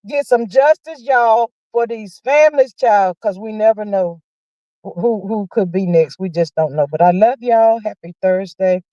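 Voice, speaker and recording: A woman's voice: mid-range voice, dark tone, no echo. A woman hosting a casual gossip livestream, sassy and exclamatory, calling her viewers "child" and "honey" and reading their comments aloud. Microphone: streaming setup mic. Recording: dull lo-fi livestream audio.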